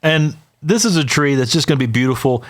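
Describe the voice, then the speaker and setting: A man's voice: a little high, animated, fairly quick. A man co-hosting a podcast, talking casually and with enthusiasm, who says "y'all" to listeners. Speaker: podcast co-host.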